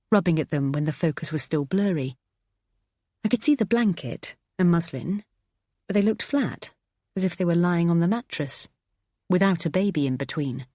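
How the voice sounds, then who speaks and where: Woman narrator, expressive and tense, dry close-mic read. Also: on the low side, no room sound. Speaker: audiobook narrator. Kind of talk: first-person thriller narration.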